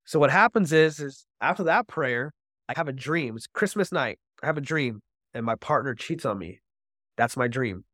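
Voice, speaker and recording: A man as a podcast guest, telling his personal recovery story with animated storytelling and acting out his own quoted speech. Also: medium pitch, normal speed, dry recording, clean studio sound.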